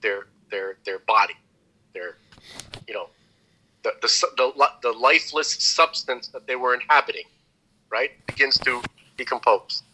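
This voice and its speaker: A man with a background talks through an idea in relaxed podcast chat, stumbling and repeating words as he thinks. His tone is very bright and sharp, at an ordinary pitch. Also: normal speed, long pauses, slight background noise, low-quality recording. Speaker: podcast co-host. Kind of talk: casual chat.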